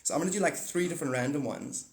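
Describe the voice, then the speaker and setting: A man hosting a casual livestream, rambling excitably, swearing freely and cutting himself off mid-thought. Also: a little high, very fast, echoey room. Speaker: livestream host.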